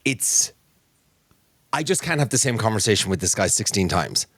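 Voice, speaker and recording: An Irish man hosting a podcast, telling animated stories in casual chat and swearing freely. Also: on the low side, moderate pace, slightly rough, no room sound, studio quality. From Ireland. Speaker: podcast host.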